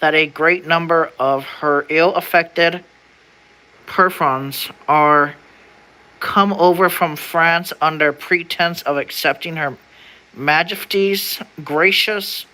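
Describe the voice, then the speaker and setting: A young adult streamer reads an old document aloud during casual livestream chat. The slangy delivery keeps stalling to sound out words, with a bright, forward tone. Their pitch sits in the middle range. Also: slow, low-quality recording.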